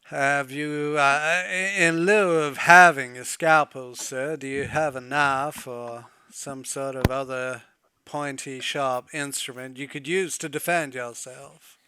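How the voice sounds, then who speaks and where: A man's voice: mid-range voice, slow pace, a bit bright, clean tone, no room sound. A man voicing a prim, servile male valet who speaks in formal, deferential butler diction and keeps apologizing. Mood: formal, apologetic.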